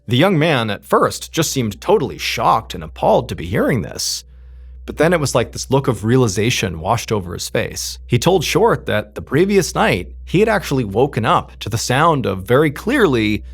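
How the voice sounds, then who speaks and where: A man's voice: mid-range voice, creaky, husky. A man telling a true crime story in a casual, conversational way, with frequent "you know" asides.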